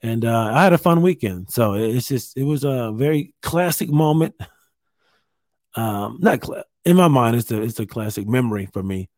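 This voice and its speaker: Halting man talking in a hotel room. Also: mid-range voice, lively intonation, a little mellow, dry recording, studio quality. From Ohio. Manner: halting, many fillers and restarts, candid. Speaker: stand-up comedian. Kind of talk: casual storytelling to camera.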